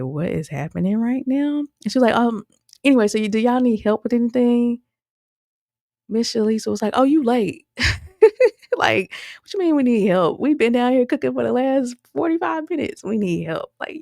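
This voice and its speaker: A woman with a deep, slightly mellow voice recaps a reality episode as a show reviewer, keeping it loose and chatty. She laughs often and puts on voices for the people she quotes. The recording is dry and close, with no room sound.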